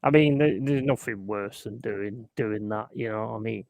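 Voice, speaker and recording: A man's voice: lowish voice, normal speed, vocal fry, a little mellow, no echo. A man hosting a live stream, chatting casually and bluntly, swearing and joking with his chat.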